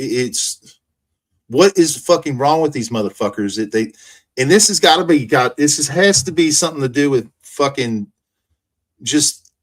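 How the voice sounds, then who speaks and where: A man's voice: medium pitch, a bit bright. A man in casual chat, ranting heatedly with constant profanity.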